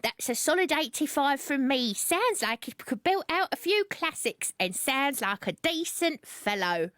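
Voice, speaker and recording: A radio host putting on a Cockney accent to read out a listener's score. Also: female voice, high voice, very animated, a little slow, a bit bright, no echo, clean studio sound, full character voice. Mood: cheery. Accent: Cockney put-on. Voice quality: exaggerated put-on accent. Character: woman reading a listener's score in a put-on Cockney voice. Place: radio studio.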